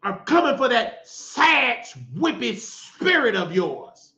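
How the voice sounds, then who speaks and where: A man hosting his own show, ranting in a preachy, scolding monologue with shouted outbursts. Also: extremely high pitch, sing-song, slow. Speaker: show host. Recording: dull lo-fi sound in an echoey room.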